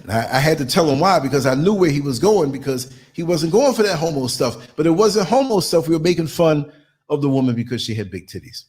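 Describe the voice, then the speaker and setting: Husky-voiced man on a blunt solo podcast. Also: fairly high pitch, animated, a little fast, darkish tone. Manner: blunt, preachy, acts out quoted voices. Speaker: podcast host.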